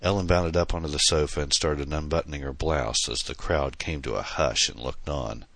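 A man's voice: a bass voice, fairly even intonation, moderate pace, fairly bright tone, no room sound. A man reading a novel aloud in dramatic, tense scripted narration. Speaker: audiobook narrator.

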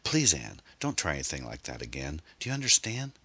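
A man's voice: extremely low pitch, huge pitch swings, brisk, pushed and bright, slightly rough, no echo, exaggerated voice. A man voicing a menacing young man who speaks with a slight hillbilly twang, coolly threatening and calculating. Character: menacing muscular young man, cold and coercive.

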